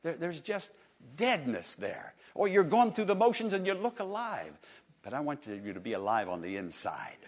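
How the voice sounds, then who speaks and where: A man with a fairly high voice preaches a sermon to his congregation. His delivery is impassioned. He swings between loud declarations and quieter, intimate passages and often repeats words as he builds. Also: big pitch swings, normal speed. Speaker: pastor. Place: church service.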